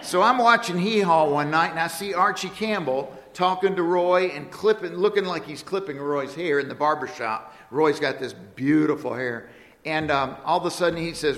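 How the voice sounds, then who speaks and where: A man's voice: a little high, moderate pace, a bit bright. A man preaching a storytelling sermon in a church, playful and laughing at his own jokes. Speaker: guest preacher. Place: church sanctuary. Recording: echoey church hall.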